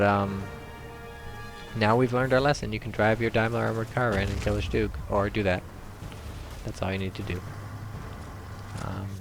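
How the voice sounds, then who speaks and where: A man commenting on a strategy game replay in a joking, casual way, getting excited as the fight heats up. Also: creaky. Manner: joking, gets excited and high-pitched when the action heats up. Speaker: gameplay commentator.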